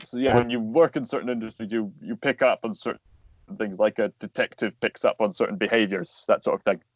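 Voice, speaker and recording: A man's voice: lowish voice, steady tone, a little fast, no echo. A young man, a voice actor and animator, explaining his craft earnestly in a casual interview. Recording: dull lo-fi sound, dry.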